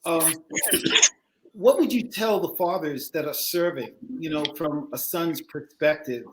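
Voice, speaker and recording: A man's voice: a little high, a little slow. A man in a casual podcast conversation, asking a probing question and rephrasing it several times. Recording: echoey room with faint noise.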